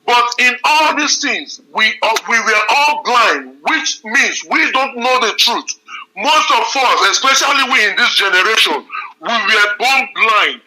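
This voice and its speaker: A man calling in to a live stream, deferential and halting, saying sir and filling pauses. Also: very high voice, animated, pushed and bright, low-quality recording. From Nigeria's coastal south. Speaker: caller. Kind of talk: casual call-in talk.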